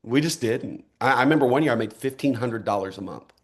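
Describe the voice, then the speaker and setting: A middle-aged American man giving an energetic motivational speech at a network marketing event, punchy and rallying. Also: medium pitch, fast talker. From United States. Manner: fired-up, punchy, rallying, with repeated short calls to action.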